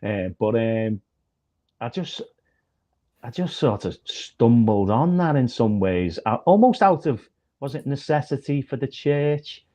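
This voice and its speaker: A man's voice: mid-range voice, sing-song, unhurried, dark tone. A man, a minister and comedian, telling rambling, self-deprecating stories in casual chat. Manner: rambling storyteller, self-deprecating, many fillers.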